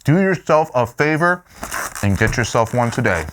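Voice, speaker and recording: A man tastes dishes on camera and reacts with playful, excitable enthusiasm. His voice is animated and lively, swinging widely in pitch, and he hums with delight between bites. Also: moderate pace, a little hiss or hum. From Louisiana, US. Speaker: food show host. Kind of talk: food tasting vlog.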